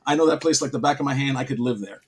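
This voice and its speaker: A man casting a card game stream, telling playful, animated local trivia in casual chat. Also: medium pitch, racing, slight background noise. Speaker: stream caster.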